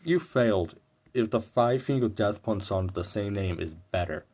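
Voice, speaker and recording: A man's voice: lowish voice, normal speed, darkish tone. A young man giving a casual, blunt video review full of opinions and offhand swearing. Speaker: music reviewer.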